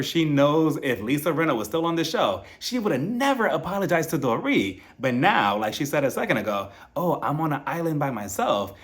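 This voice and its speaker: A man recapping reality TV in a sassy, gossipy commentary voice. His pitch leaps around a lot. It sits slightly higher than most men's. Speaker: reality TV reviewer. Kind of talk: casual video commentary.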